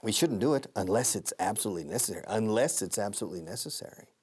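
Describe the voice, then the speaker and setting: A man hosting a TV English lesson, his pitch bouncing up and down in a lively way. He drills each phrase again and again, stopping to explain in Spanish. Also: very fast, a little hiss or hum. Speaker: English teacher and host. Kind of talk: TV language lesson.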